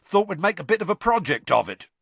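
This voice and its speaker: A man voicing a huge, gruff but kindly gamekeeper who talks roughly and eagerly, clipping his word endings. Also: sits high, very animated, fast, fairly bright tone, dry recording, pitched above the performer's own voice, full character voice.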